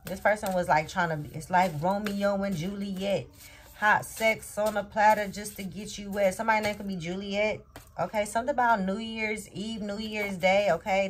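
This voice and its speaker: A woman with a mid-range voice gives a casual tarot reading, with a little hiss or hum in the audio. She rambles and keeps asking "okay?" over and over.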